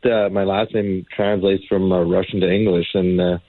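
A man with a strikingly low, deep voice plays a radio trivia game. He answers hesitantly, with frequent ums and uhs, in a casual tone. The sound is dry and close. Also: little pitch movement, normal speed, no echo, narrow, tinny audio. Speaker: caller and contest player. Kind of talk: casual chat on a radio call-in contest.

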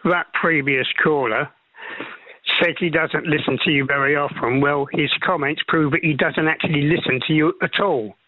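A male caller to a radio phone-in, joking in a dry, deadpan way. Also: a little high, moderate pace, no echo. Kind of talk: phone-in call. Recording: tinny phone line.

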